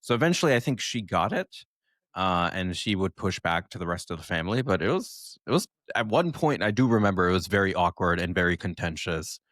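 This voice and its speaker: Male co-host, fairly low voice, halting casual delivery, dry sound. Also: animated, a bit bright, no echo. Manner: hesitant, rambling with many fillers. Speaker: podcast co-host. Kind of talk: casual chat.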